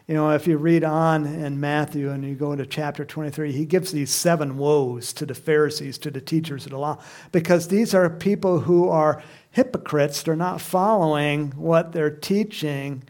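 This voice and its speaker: A man preaching a sermon, animated, who acts out the crowd's shouts and reads scripture aloud. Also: a little high. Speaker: pastor.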